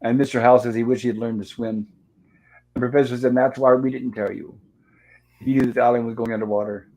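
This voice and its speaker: A man with a mid-range voice hosts a relaxed recap, walking through an old episode scene by scene. He reads the characters' lines aloud in a plain, conversational way, with no put-on voices. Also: medium pitch, fast. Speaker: show host. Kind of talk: casual episode recap chat.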